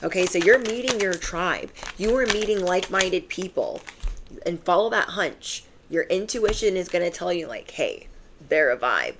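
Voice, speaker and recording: Gravelly low-voiced woman tarot reader. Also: normal speed, noisy background. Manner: casual and emphatic, heavy on slang and fillers. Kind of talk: channeled tarot reading to viewers.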